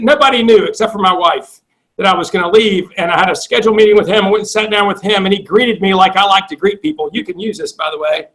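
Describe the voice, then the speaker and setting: A man's voice: high voice, fairly bright tone, low-quality recording. A middle-aged man and sales coach telling a long personal story in a blunt, profane way, acting out the dialogue he quotes. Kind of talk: storytelling interview guest.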